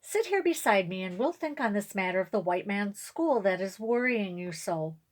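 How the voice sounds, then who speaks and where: A woman voicing a wise, gentle old great-grandfather who speaks slowly and kindly. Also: mid-range voice, animated, close to an everyday voice. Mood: soothing.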